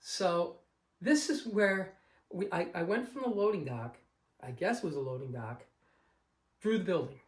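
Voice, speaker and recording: A man's voice: sits high, animated, normal speed, pauses often. A man from Long Island casually telling a rambling story about finding a car and acting out the people in it. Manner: rambling, anecdotal, acts out the other people in his story. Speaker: car collector vlogger. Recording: echoey room.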